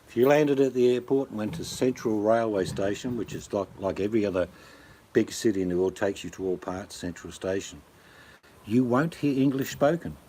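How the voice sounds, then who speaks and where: A man's voice: on the low side, a little mellow, breathy edge. An older Australian man with an Australian accent, chatting casually on his channel in a rambling, jokey way. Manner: rambling, jokey, swaps into impressions. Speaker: channel host. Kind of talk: casual chat.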